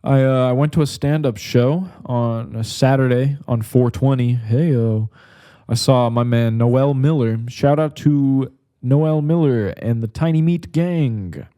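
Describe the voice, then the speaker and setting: Mellow-voiced casual podcast host, a man. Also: mid-range voice, measured pace. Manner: rambling and loose, with lots of fillers and profanity. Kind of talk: casual solo podcast monologue.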